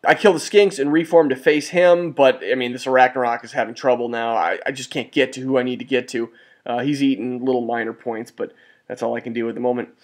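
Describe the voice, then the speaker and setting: A man casually narrating a tabletop wargame battle report over photos, rambling and excitable, often restarting and correcting himself. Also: mid-range voice. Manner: mild cursing and exclamations.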